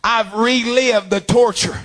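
A man's voice: very high voice, fairly even intonation, slow pace, fairly bright tone, pitched above the performer's own voice, full character voice. A man quoting an old male camp survivor, speaking earnestly with a raised, pleading voice.

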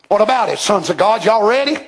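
A man preaching a fiery sermon who swings from shouted climaxes to hushed near-whispers and reads scripture in old-fashioned wording. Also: high voice, lively intonation, fast talker.

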